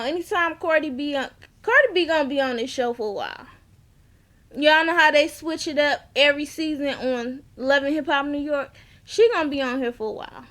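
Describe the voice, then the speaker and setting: Bright-voiced woman vlogger, casual recap. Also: high-pitched. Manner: animated retelling, acts out the people she quotes. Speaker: vlogger reviewing a reality show.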